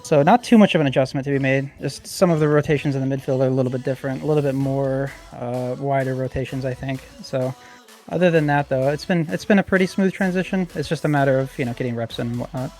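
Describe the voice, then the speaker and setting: A man's voice: mid-range voice, quick pace, darkish tone, soft background music. A man on a podcast talking about his team, with lots of fillers and restarts. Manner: hesitant, many fillers and restarts. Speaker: competitive player guest. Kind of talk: casual podcast chat.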